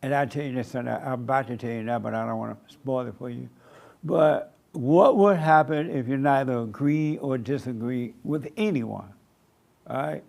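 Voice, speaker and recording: Gravelly man preaching with emphatic repetition. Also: medium pitch, moderate pace, a little mellow. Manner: emphatic, repeats short commands. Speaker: pastor. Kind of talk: sermon to a small congregation. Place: church meeting room.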